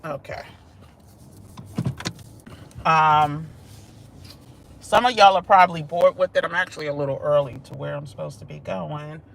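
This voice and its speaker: A woman's voice: low voice, moderate pace, vocal fry, pauses often, a bit bright, slight background noise. A woman hosting a casual live stream from her car, sassy and chatty, talking straight to her viewers. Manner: sassy, chatty, calls viewers "y'all" and "child". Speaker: vlog host. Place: in a car while driving.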